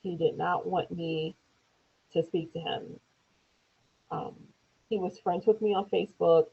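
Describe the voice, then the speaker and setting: Woman telling her own story on a tinny phone-like recording, gravelly voice, does the voices when she quotes people. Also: on the low side, fairly even intonation, a little slow. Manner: acts out quoted speech in raised voices. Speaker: interview guest. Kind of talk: personal storytelling.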